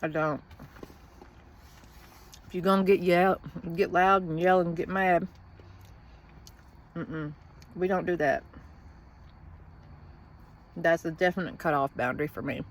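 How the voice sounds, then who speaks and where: Parked in a vehicle in a lot, a woman vents in a casual vlog, blunt, profane and rambling. Her voice sits low, with a little background noise.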